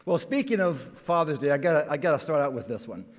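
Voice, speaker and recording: A man's voice: a little high, expressive, quick pace. An older man, a pastor, giving a chatty, folksy sermon full of stories and fillers. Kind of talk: sermon with jokes. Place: church sanctuary. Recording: long church reverb.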